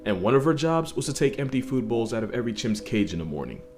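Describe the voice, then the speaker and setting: Animated fast-talking man telling a story. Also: medium pitch, faint music behind. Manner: animated, jokey asides. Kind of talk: casual storytelling to viewers.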